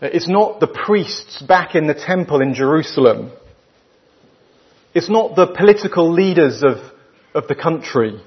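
A man with a British accent preaching a sermon to a church, emphatic and full of rhetorical questions, leaving weighty pauses between his phrases. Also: a little high, animated, breathy edge. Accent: British English. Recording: dull lo-fi recording.

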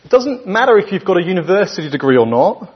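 A man with a British accent preaching a sermon to a church, emphatic and full of rhetorical questions, leaving weighty pauses between his phrases. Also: high-pitched, big pitch swings, husky. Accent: British English. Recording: dull lo-fi recording.

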